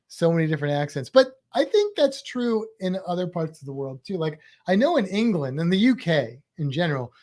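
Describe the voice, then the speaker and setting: Male podcast co-host, slight Midwest American accent, rambling casual chat. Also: fairly high pitch. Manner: rambling, thinking aloud with many restarts.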